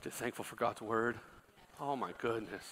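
A middle-aged male pastor preaching a sermon, telling a story quietly, then rising into loud, impassioned exhortation. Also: medium pitch, moderate pace, a little hiss or hum.

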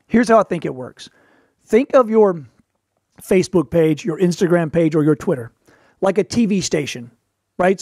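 A man hosting a show, giving casual advice in a wry storytelling way, with quick asides. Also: high-pitched, darkish tone, no room sound, clean studio sound. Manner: quick asides and playful put-on voices for quotes. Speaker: podcast host, performer.

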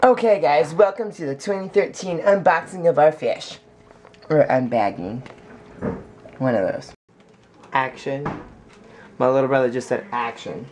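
A man chats into a handheld camera in a casual vlog, rambling and excitable, cracking jokes as he goes. His voice sits at an ordinary middle pitch. A faint hum of background noise runs underneath. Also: measured pace, long pauses. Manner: rambling, excitable and jokey, with laughs. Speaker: vlogger. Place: in a car, then indoors at home by a fish tank.

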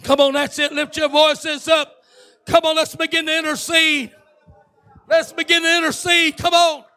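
A man preaching a fervent Pentecostal sermon in a church, shouting and urging everyone to pray. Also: very high-pitched, flat delivery, moderate pace. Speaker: pastor.

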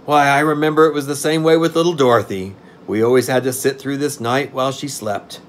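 A man reading aloud and voicing a kindly, wise scarecrow king in a gentle, soothing tone. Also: medium pitch, fairly even intonation, a little fast, voice pushed up, natural voice.

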